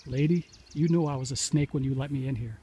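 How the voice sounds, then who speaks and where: A man voicing a smooth-talking, sly male snake in a fable he tells, coaxing and then coldly blunt. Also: medium pitch, fairly quick, mellow, a little hiss or hum, close to an everyday voice. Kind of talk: told storybook fable.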